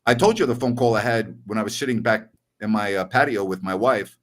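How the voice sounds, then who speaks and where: A middle-aged man and sports radio host telling a story in casual podcast chat, animated and acting out voices. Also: on the low side, a little fast.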